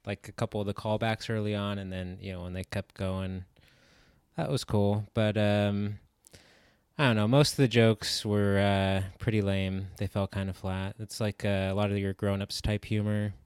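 Low, smooth-voiced man, hesitant. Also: flat delivery, normal speed, no echo, studio quality. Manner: hesitant, many ums and likes. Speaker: podcast co-host. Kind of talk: casual movie review chat.

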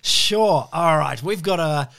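A man's voice: a little high, slow, vocal fry, fairly bright tone, no echo. An Australian man hosting a casual, jokey comedy podcast and running a quiz for his co-hosts. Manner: jokey, reads quotes aloud in quiz fashion. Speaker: podcast host.

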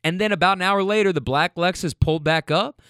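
A man's voice: high-pitched, a little fast, smooth, no room sound, studio quality. A man telling wild stories from his restaurant serving job in a blunt, profane, casual way, riding in a car. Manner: animated, blunt and profane, laughing at own stories. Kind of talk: casual storytelling. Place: inside a car on a ride home.

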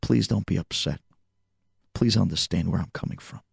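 The figure is an earnest young groom, sincere and gently pleading, voiced by a man telling the story. The voice sits slightly low and carries a husky, gravelly grain. It is recorded dry and close. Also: moderate pace, no room sound, exaggerated voice.

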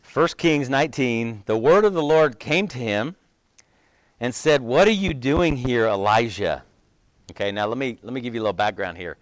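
A man preaching a casual, conversational sermon, animated at times and dropping to a near whisper at others. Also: mid-range voice, moderate pace, no room sound. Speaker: pastor.

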